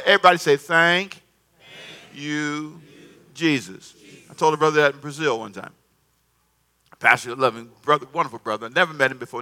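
A man preaching a sermon in an animated, conversational way, repeating himself and calling on the congregation to answer. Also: a little high. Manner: animated, repetitive, conversational preaching with call-and-response. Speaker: pastor.

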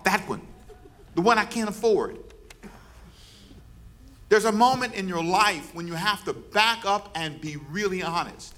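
Playful pastor preaching, somewhat high voice. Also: male voice, measured pace, a bit bright. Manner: playful, teasing the congregation. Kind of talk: sermon with call and response. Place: church service before a congregation.

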